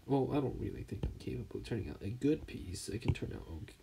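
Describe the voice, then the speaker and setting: A tired man with something in his throat, mumbling softly and half-whispering as he comments on his drawing. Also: medium pitch, expressive, fast, gravelly, very noisy. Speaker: artist streaming his drawing. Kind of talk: casual commentary while drawing.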